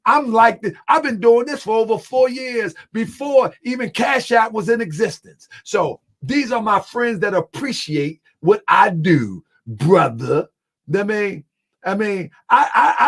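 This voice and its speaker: A man hosting a livestream. He talks loudly and with animation, laughs often, and reads out and answers viewer comments. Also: sits high. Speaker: channel host.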